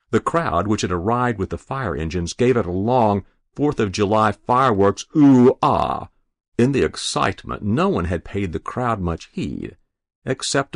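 A man reading literary fiction aloud with measured, expressive storytelling. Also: lowish voice, no room sound, clean studio sound. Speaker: narrator.

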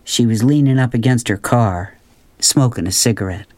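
An audiobook narrator reading a novel chapter in a calm, measured way. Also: mid-range voice, no echo. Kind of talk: scripted narration.

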